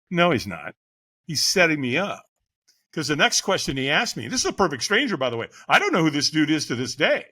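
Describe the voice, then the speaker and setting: A middle-aged man with a high, bright voice tells his story as a podcast guest, his pitch swooping up and down. He acts out what people said and laughs easily as he goes. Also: a little fast, husky. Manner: animated, vivid storyteller who acts out quotes and laughs often. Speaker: guest, fire captain.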